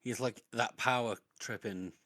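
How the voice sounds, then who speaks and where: A man's voice: mid-range voice, unhurried, a bit bright, no echo, clean studio sound. A man co-hosting a casual book podcast, talking in a conversational way and leaning often on "you know". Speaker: podcast co-host.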